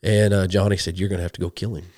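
Brief: very low-voiced Oklahoma man, hunting guest, lively anecdotes, dry close mic. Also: very fast, dry recording. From western Oklahoma. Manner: animated storyteller, quotes people in dialogue. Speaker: guest, hunting show host. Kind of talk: casual storytelling interview.

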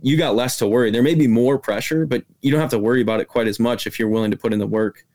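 A man's voice: mid-range voice, quick pace, a little mellow. A man, a guest hunter in a casual podcast interview, explaining his approach step by step.

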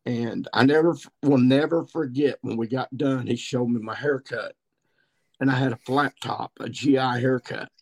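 A man's voice: medium pitch, fairly even intonation, moderate pace, creaky, darkish tone. Folksy Ozarks man in his sixties. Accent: Ozarks Missouri. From Missouri. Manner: folksy, rambling country storyteller. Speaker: guest turkey hunter. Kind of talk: podcast storytelling.

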